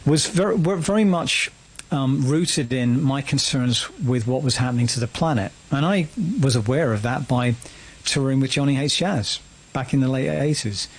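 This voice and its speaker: A man's voice: medium pitch, normal speed, slightly rough. Reflective man telling stories. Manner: reflective, storytelling. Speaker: guest musician. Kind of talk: casual radio interview.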